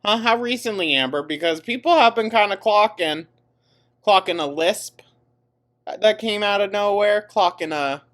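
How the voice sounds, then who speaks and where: A woman's voice: medium pitch, lively intonation, a little slow. A woman hosting a reaction commentary, mocking and sarcastic, swearing and laughing often. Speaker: commentary host. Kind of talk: reaction commentary over a stream clip.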